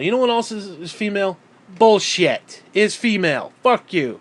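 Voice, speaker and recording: Profane ranting man, higher voice. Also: animated, normal speed. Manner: profane, heated, repetitive; mocking put-on quotes. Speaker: gaming channel host. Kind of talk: angry rant.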